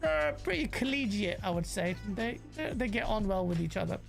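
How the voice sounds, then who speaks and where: A man's voice: sits high, fairly quick, gravelly, faint music behind. Slangy British man reacting on stream. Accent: British, London slang. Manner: animated, banters with chat, slangy. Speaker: gaming commentator host. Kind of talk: casual streamed reaction chat.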